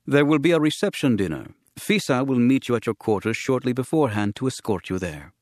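A man voicing a sober, courtly alien official who speaks in a formal, measured, grave way, read as a scripted audiobook. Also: medium pitch, lively intonation, no echo, studio quality, voice pushed up, close to an everyday voice.

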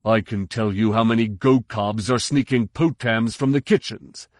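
A man voicing a sly, smooth-talking male security officer, amiable on the surface and quietly menacing. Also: on the low side, normal speed, no room sound, studio quality, lightly acted.

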